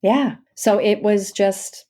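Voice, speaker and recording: A woman, an audiobook narrator, chatting as an interview guest, animated and laughing often as she acts out what people said. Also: mid-range voice, takes it slowly. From New York area. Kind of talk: casual interview chat. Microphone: remote call over the internet.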